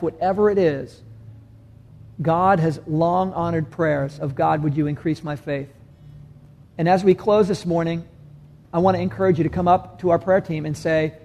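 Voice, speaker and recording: A man's voice: fairly high pitch, warm tone. A man preaching a sermon as pastor, earnest and repeating key phrases for emphasis. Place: church sanctuary.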